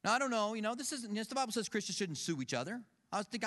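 Animated pastor preaching in a reverberant hall. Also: male voice, sits high, rapid-fire. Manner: storytelling, acts out quoted voices, animated. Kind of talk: conversational sermon with personal stories. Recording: long reverb of a large hall.

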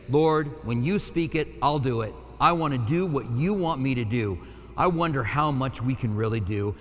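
A male pastor talking through a Bible study in a casual, conversational way, with fillers and quick self-corrections. His voice sits a bit high for a man. The sanctuary gives every phrase a long, lingering reverb. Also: fairly bright tone. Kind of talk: sermon. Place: church sanctuary.

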